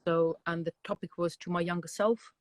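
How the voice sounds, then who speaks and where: A woman on a video call reading her own poems and speaking about them in a hesitant way, with many pauses and fillers. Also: fairly low pitch, steady tone, no echo. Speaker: guest poet.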